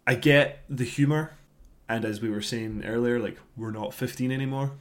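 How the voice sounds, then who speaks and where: A man's voice: medium pitch, moderate pace. A man in his thirties co-hosting a podcast, ranting casually about an album he disliked and swearing freely. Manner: grumbling, animated rants, swears freely. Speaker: podcast co-host. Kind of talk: casual album review chat.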